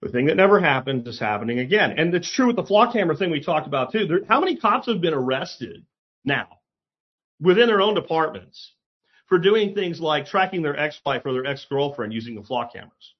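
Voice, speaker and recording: A man's voice: a little high, big pitch swings, fairly quick, muffled recording. A man hosting a casual opinion monologue, talking bluntly and sarcastically, with frequent swearing and emphatic asides. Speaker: commentary host.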